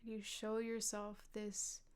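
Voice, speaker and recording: A woman hosting a podcast, speaking in an earnest, gentle self-help monologue that sometimes sinks to a soft whisper. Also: medium pitch, completely flat delivery, slow, clean tone. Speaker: podcast host.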